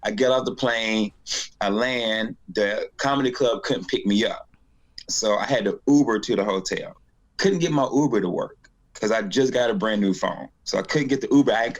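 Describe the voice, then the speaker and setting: A man's voice: fairly low pitch, a little fast. A man from North Carolina, a comedian telling a story in a casual interview and acting out the voices of the people in it. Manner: animated storyteller, acts out voices. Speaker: guest comedian.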